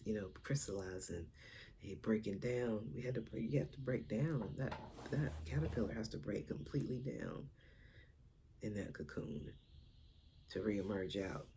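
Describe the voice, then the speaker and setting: A woman's voice: a bass voice, warm tone, slight background noise. A woman vlogger and stand-up comedian chatting casually to camera. She rambles, laughs often and drops into whispers. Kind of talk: casual spiritual chat to camera.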